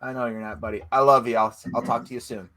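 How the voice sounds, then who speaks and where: An upbeat man hosting a casual podcast over a call. He has a bright, forward tone and curses freely while he keeps the show moving. His pitch sits in an ordinary middle range. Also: steady tone, fast. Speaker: podcast co-host. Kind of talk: casual chat.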